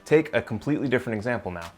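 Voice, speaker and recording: A man's voice: mid-range voice, animated, very fast, soft background music. A young man giving blunt, emphatic advice in a casual vlog, talking straight to the viewer and swearing now and then. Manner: talks directly to the viewer in a coaching way. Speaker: self-improvement vlogger.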